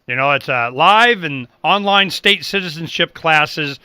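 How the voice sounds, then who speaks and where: Emphatic, bright-voiced male talk show host. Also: on the high side, expressive, unhurried. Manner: emphatic, acts out quoted people, repeats words when worked up. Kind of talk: animated political talk show chat.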